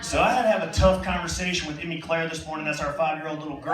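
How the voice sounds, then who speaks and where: Male stand-up comic, high and lively, self-mocking; loud noisy room. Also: quick pace, hardly any pauses. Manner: storytelling, animated, self-mocking. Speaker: stand-up comedian. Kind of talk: stand-up comedy set. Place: comedy stage. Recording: echoey room from far off, loud noise.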